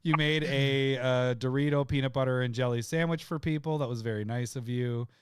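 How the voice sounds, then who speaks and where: A man co-hosting a podcast, telling a story in casual chat, laughing often and putting on loud voices of his friends. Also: medium pitch, brisk, clean tone, dry recording, studio quality. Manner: laughing, animated storyteller who shouts impressions of friends. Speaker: podcast co-host.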